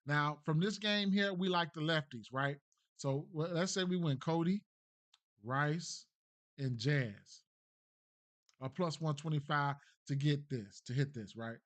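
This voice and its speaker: A man's voice: on the high side, unhurried, a bit bright, no echo. A man hosting a casual sports betting breakdown, loose and slangy, thinking aloud and checking in with "right?" as he goes. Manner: thinks aloud, trails off and restarts.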